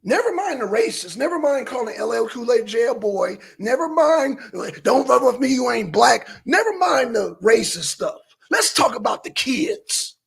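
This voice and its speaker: A man hosting a political livestream from home, with a high voice that turns gravelly and husky. He talks bluntly, profanely and with heat, and he often slips into crude language as he speaks. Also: sing-song, moderate pace, hardly any pauses. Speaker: livestream host. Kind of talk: political talk stream.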